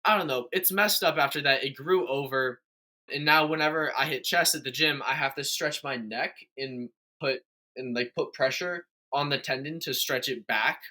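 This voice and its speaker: A man's voice: medium pitch, moderate pace, sharp tone. A young man chatting casually as a podcast host, telling a long story with many fillers and restarts. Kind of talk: casual chat.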